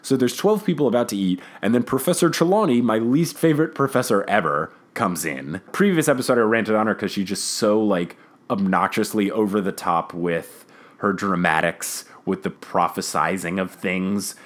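Lively, enthusiastic man hosting a podcast. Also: fairly low pitch, normal speed. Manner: enthusiastic, slangy, acts out characters. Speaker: podcast host. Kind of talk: casual chat, recapping a book.

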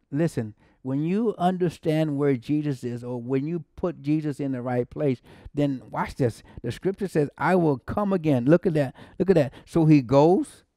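A man with an American accent preaching a sermon, his voice mellow and warm at a middle pitch. He repeats words, exclaims often and climbs to emphatic peaks, with short laughs between phrases. The sound is close and dry. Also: dry recording. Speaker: pastor.

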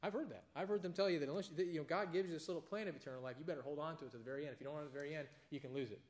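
A man teaching a casual Bible study, conversational and animated, telling everyday anecdotes between points. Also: on the high side, racing, few pauses.

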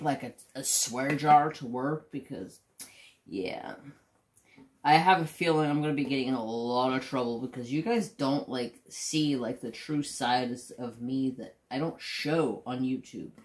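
A middle-aged man chatting casually and bluntly while doing a craft, rambling and swearing freely. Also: a little high. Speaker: craft channel host. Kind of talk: casual chat while diamond painting.

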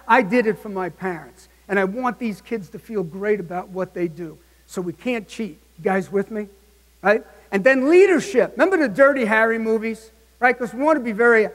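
A man in his sixties giving a motivational keynote speech, punchy and emphatic, often checking in with the audience. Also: high voice. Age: 60s. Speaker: keynote speaker. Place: large conference hall. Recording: long hall reverb.

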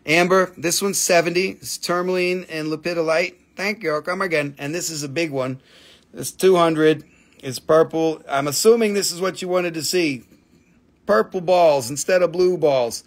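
A man's voice: fairly high pitch, moderate pace. Joking, crude-talking man selling crystals live. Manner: joking, crude, swearing, auction-style price calls. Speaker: host of a live crystal sales stream. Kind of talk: casual live-stream selling chat.

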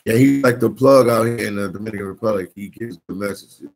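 A man's voice: fairly low pitch, fast, gravelly, low-quality recording. A man vlogging from the Dominican Republic, reading out viewer comments in casual slangy chat and reacting with energy. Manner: reads viewer comments aloud, slangy and animated. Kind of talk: casual live-stream chat.

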